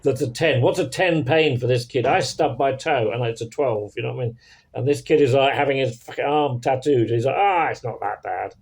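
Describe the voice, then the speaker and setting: A man in casual comedic podcast chat, reacting incredulously and riffing in quick bursts. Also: medium pitch, a little mellow, breathy edge. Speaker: podcast co-host.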